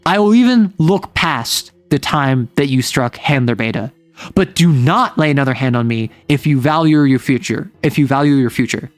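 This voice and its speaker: A man's voice: medium pitch, animated, normal speed, dry recording, soft background music, natural voice. A man voicing a stern male handler who talks down to his trainees in a curt, commanding way.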